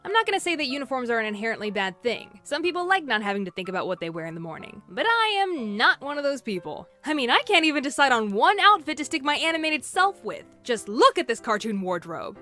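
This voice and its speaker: A young woman tells a comic school story in a bright, ringing voice that swoops up and down with energy. Her delivery is scripted and sarcastic, full of playful asides, set over faint background music. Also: high-pitched, sing-song, fast talker, hardly any pauses. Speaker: animated storytime narrator. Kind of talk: scripted comedic narration.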